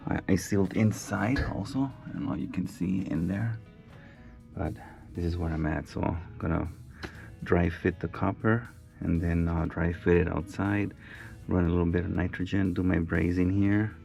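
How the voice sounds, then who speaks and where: A man's voice: low voice, fairly even intonation, normal speed, vocal fry, a little mellow, soft background music. A man, an HVAC technician, chatting wryly to the camera while he works on a job site. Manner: chatty, wry, talking to the camera while working. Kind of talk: casual on-the-job vlog.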